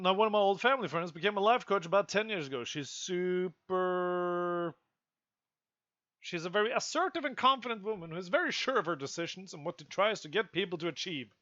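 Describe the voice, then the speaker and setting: A young man with a high, bright, sharp voice rants profanely to his stream chat, bursting out loud now and then. The sound is dry and close, with a dull, lo-fi quality. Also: no room sound. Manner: exasperated, profane ranting with sudden loud outbursts.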